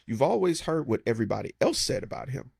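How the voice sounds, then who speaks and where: A man's voice: mid-range voice, sing-song, quick pace, creaky, darkish tone, breathy edge, no echo, studio quality. A man casually retelling a film's plot and acting out the characters' lines. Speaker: movie recap host. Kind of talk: casual film breakdown.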